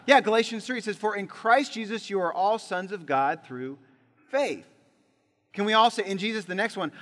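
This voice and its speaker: A man preaching a sermon as pastor, leading the congregation in call-and-response, swinging between loud emphatic peaks and quiet low drops. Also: fairly quick. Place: church sanctuary. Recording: long hall reverb.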